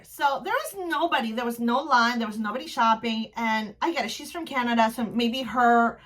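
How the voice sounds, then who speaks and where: A woman from New Jersey telling a casual storytime recap on her vlog, gushing and excitable, rambling with restarts. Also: on the high side, a little fast, hardly any pauses. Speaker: vlogger.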